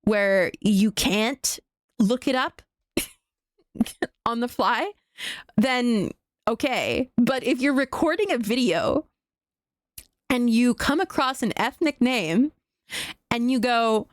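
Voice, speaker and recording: A woman's voice: fairly high pitch, lively intonation, slow, pauses often, dry recording, clean studio sound. A young woman streaming live, chatting casually in a rambling, profane rant full of restarts. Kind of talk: casual livestream chat.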